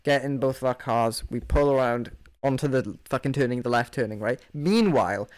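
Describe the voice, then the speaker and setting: A man's voice: mid-range voice, normal speed, no echo. A young man on a podcast, telling an anecdote in casual chat, swearing often and restarting his sentences. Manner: swears a lot, animated anecdote with many restarts. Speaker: podcast co-host. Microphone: studio microphone.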